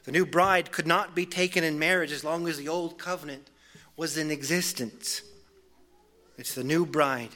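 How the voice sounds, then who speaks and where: A man preaching an expository sermon in an earnest way, building intensity through lists and then dropping soft. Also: fairly high pitch, steady tone, normal speed.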